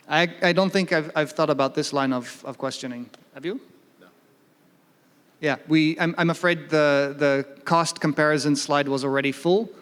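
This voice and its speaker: A man's voice: fairly high pitch, a bit bright, smooth. A man answering audience questions at a conference, hesitant and repeating words as he thinks. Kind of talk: live Q&A answers. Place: conference hall. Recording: long hall reverb.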